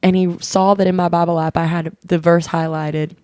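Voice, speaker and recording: A woman's voice: lowish voice, little pitch movement, moderate pace, a little mellow, no room sound, studio quality. A woman co-hosting a podcast, talking candidly and earnestly in casual chat, telling stories and quoting conversations. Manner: earnest, open storytelling with quoted dialogue. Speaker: podcast co-host.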